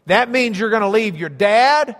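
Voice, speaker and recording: A man's voice: high-pitched, animated, normal speed, a bit bright, in a large hall. A man preaching a sermon, explaining a map and stressing points through emphatic repetition. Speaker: pastor.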